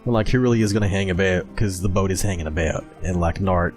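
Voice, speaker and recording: A man hosting a video, chatting casually and gushing excitedly as he reads through comics, laughing often. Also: deep voice, fast, soft background music. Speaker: video host. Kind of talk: casual commentary while reading comics.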